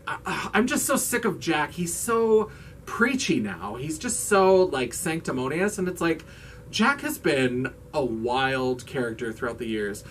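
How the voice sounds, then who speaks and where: A man's voice: medium pitch, fairly bright tone, distant mic, slight background noise. A man hosting his own vlog in casual chat, gushing and campy, swearing freely as he raves. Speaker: vlogger host.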